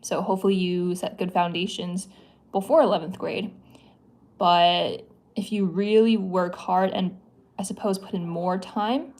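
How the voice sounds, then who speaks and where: A woman's voice: fairly low pitch, fairly even intonation, measured pace, darkish tone. Young woman rambling on her livestream, playful and giggly, lots of likes. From Midwest US. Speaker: livestream host answering chat. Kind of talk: casual livestream chat.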